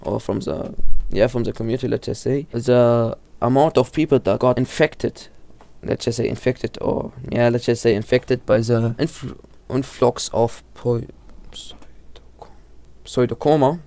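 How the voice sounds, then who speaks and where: A man's voice: medium pitch, steady tone, unhurried, vocal fry, mellow. A man casually explaining horror lore, often stumbling, restarting and correcting himself, with lots of fillers. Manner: informal, filler-heavy delivery.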